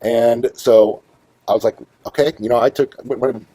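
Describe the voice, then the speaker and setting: A middle-aged man hosting his own show, telling a long story in a rambling, profane, animated way. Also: medium pitch, normal speed, low-quality recording. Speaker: host. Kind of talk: casual storytelling monologue.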